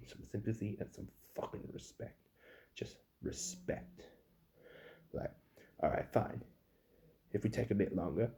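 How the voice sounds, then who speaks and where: A young man, a fast food worker, bluntly ranting with swearing about rude customers in a casual story. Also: on the low side, vocal fry, mellow.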